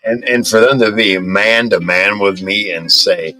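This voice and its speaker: A man's voice: fairly low pitch, measured pace, few pauses, pushed and bright, poor audio. A man hosting a casual chat, blunt and defiant, swearing heavily with stammering restarts. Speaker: podcast host.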